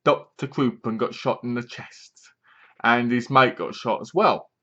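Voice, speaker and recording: A man's voice: mid-range voice, fairly even intonation, unhurried, fairly bright tone, muffled recording. A man casually reviewing a movie, rambling along, leaning on "basically" and correcting himself as he goes. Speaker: film reviewer.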